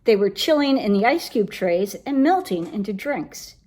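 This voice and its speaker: In a mid-range voice at ordinary speed, a woman performs a children's picture book aloud, animated and full of storytelling flair.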